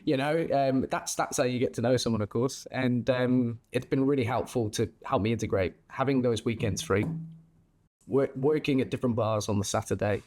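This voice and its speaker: A man's voice: medium pitch, normal speed. Swearing, storytelling bartender man. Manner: swears freely, lively storytelling. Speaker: podcast guest, bartender. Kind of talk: casual interview chat.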